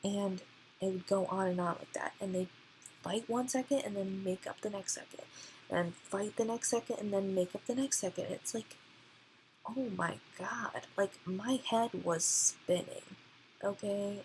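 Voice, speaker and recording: A woman's voice: medium pitch, measured pace, a little hiss or hum, low-quality recording. A woman ranting casually in a book review, rambling with many fillers and often dropping to a near-whisper. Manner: rambling, filler-heavy, often drops to a hush.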